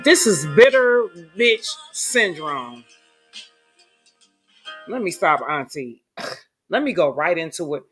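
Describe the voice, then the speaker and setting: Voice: mid-range voice, big pitch swings, slow pace, pauses often, fairly bright tone, faint music behind. A host doing late-night live-stream commentary, chatty and emphatic, greeting viewers and swearing when heated. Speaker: online commentator and channel host.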